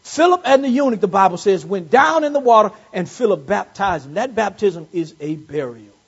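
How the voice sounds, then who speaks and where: A man preaches a sermon in a high, husky voice, swinging between hushed asides and fervent, rising calls. The recording is dull and muffled, like a church service taped on modest gear. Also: animated, normal speed. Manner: call-and-response preaching, rising to fervent peaks; repeats phrases for emphasis.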